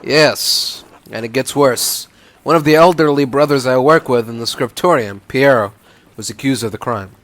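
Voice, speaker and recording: A man voicing a polite, thoughtful young male artist in a let's-play, with lively, slightly exaggerated delivery. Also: medium pitch, moderate pace, natural voice. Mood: earnest.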